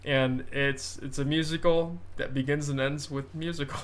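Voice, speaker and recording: Podcast host, male, slightly high voice, bright tone, loose self-mocking ramble. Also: steady tone, normal speed, a little hiss or hum. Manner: rambling, self-mocking, laughs at own jokes. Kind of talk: casual podcast chat.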